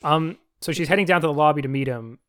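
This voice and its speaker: A man with a slightly high voice rattles through movie scenes at a rapid clip, jumping into quick impressions of the characters. The sound is dry and close, with no room around it. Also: smooth, dry recording. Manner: rambling, animated retelling with acted-out quotes. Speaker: podcast co-host. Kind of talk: casual movie recap chat.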